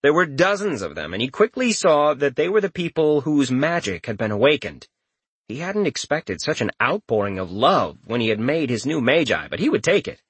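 Lively male audiobook narrator, slightly husky. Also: mid-range voice, moderate pace, no echo. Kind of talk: scripted narration.

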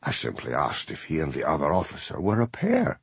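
A man's voice: very deep voice, wildly swooping pitch, a little fast, breathy edge, no room sound, pitched below the performer's own voice, heavily acted. A man voicing a prissy, haughty newcomer who talks down to people. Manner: prim, haughty, superior.

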